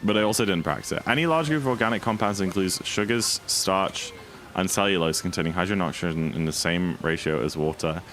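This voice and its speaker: A man speedruns on a livestream while casually joking with his chat and reading their messages aloud in a playful way. His low voice is a bit bright and moves at a quick pace, with slight background noise.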